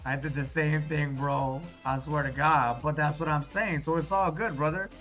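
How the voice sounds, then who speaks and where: A man's voice: on the high side, steady tone, normal speed, a bit bright. A man streaming live, reading viewer chat in a casual, reassuring way and calling everyone brother. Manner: laid-back, reassuring, calls viewers brother. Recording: dull lo-fi stream audio with faint music.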